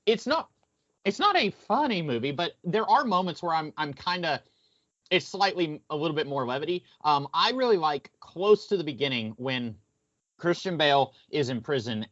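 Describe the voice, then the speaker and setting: Podcast co-host, male, slightly high voice, loose rambling delivery, dry muffled recording. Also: fairly bright tone, dry recording. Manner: rambling, many restarts, playing it by ear. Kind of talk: casual film discussion. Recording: dull lo-fi dry sound.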